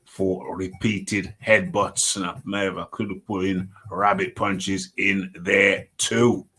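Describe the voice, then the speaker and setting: A man's voice: low-pitched, flat delivery, slow pace, sharp tone. A middle-aged man, hosting a casual solo fight recap and rambling, repeating himself and chuckling. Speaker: host of a combat sports radio show.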